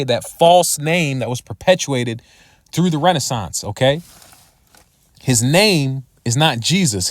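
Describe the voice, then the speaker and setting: A man's voice: mid-range voice, no echo, clean studio sound. A man preaching a sermon in an emphatic style, often adding tag questions as he goes.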